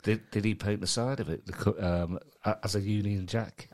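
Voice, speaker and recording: A man with a Mancunian accent co-hosting a casual comedy podcast, talking in a laid-back, mumbly way and quick to rib back. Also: lowish voice, steady tone. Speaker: podcast co-host.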